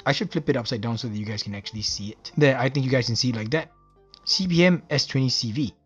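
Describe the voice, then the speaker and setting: A man's voice: medium pitch, quick pace, slightly rough, soft background music. A man from Singapore with a Singaporean English accent, casually narrating an unboxing and reviewing details with enthusiastic, admiring exclamations. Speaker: knife reviewer.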